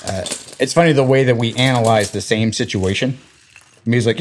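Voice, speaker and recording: Man telling animated family stories. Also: medium pitch, moderate pace, a little hiss or hum. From Georgia, US. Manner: animated retelling, acts out quoted voices. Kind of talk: casual storytelling chat.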